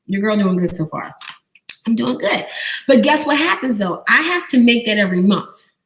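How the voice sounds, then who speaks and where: A young adult woman, an online business coach running a live training and quizzing her viewers with lively, repetitive call-and-response questions. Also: a little high, normal speed.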